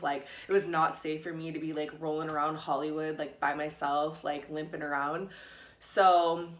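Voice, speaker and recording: A woman talking straight to her camera, loose and chatty, her speech full of "like" and casual swearing. Her voice sits a little low, and the room gives it a clear echo. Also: a bit bright. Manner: chatty, peppered with "like", blunt and profane. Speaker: YouTube vlogger.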